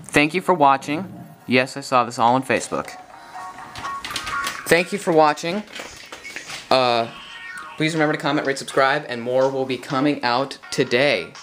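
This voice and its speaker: A young man giving casual, excited gameplay commentary, rambling and correcting himself as he goes. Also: mid-range voice, normal speed, long pauses, over music. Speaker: gaming video commentator.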